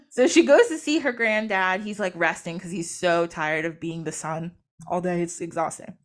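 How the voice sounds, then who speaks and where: A woman's voice: lowish voice, moderate pace. A woman host telling an old myth in a chatty, casual way, full of fillers and little laughs. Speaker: podcast host.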